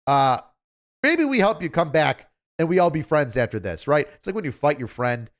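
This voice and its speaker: A man's voice: on the high side, sing-song, moderate pace. A man hosting a livestream, chatting casually in a rambling, offhand way. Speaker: livestream host.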